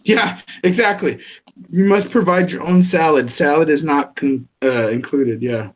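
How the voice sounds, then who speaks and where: A man's voice: a little high, a little slow. A man hosting a podcast and unboxing a package live, talking casually and laughing often at himself. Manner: laughs often, self-deprecating. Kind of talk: casual chat.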